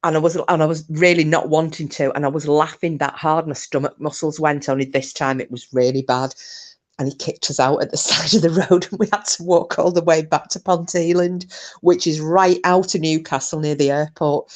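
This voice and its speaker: Sitting low in pitch, this British woman's voice is steady and a little fast as she hosts a relaxed livestream. Reading comments aloud, she tells meandering stories and keeps dissolving into giggles.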